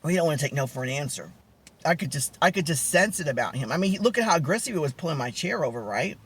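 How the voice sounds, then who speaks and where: A man vlogging, telling a personal story casually with many fillers, restarts and dramatic pitch swings. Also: expressive, quick pace, fairly bright tone, breathy edge.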